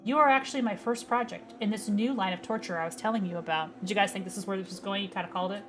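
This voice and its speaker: A woman's voice: mid-range voice, soft background music, natural voice. A woman voicing a cold sadistic tormentor. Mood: taunting. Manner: taunting, cruel, measured. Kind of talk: reading a game's dialogue aloud.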